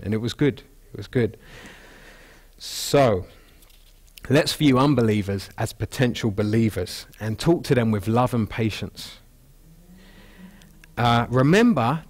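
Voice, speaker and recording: A man preaching to his congregation in a relaxed, conversational way. He slips into little voices for people's thoughts, then drops back to plain teaching. His mid-pitched voice carries through the church speakers from a wireless mic. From England. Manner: conversational, acts out quoted thoughts. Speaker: pastor. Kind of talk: expository sermon. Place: church hall.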